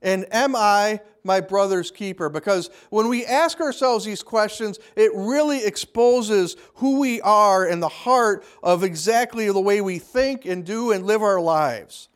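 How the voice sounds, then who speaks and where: A man's voice: high voice, a little slow, few pauses, clear, resonant tone. A man preaching a conversational sermon, briefly acting out the people he quotes. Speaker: pastor.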